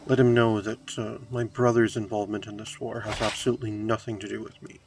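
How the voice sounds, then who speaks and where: A man's voice: on the low side, flat delivery, quick pace, slight background noise. A man commenting on a strategy game playthrough, speaking wryly in character as his medieval ruler and reading event text aloud. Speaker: game streamer.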